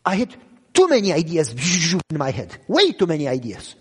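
Male preacher, non-native English, high lively voice, breathy husky tone, echoing hall, earnest testimony style. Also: moderate pace. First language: not English. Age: adult with children. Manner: earnest, keeps asking listeners if they follow. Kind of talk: sermon with personal testimony.

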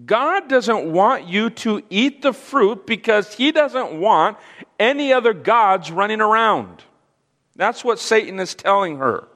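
A man preaching a sermon, teaching slowly and emphatically and asking the audience questions. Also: high voice, a bit bright, big-room sound.

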